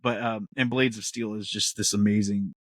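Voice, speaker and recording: A man hosting a podcast in casual chat, animated, laughing often and acting out quotes. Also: fairly low pitch, moderate pace, no room sound, clean studio sound. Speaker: podcast host.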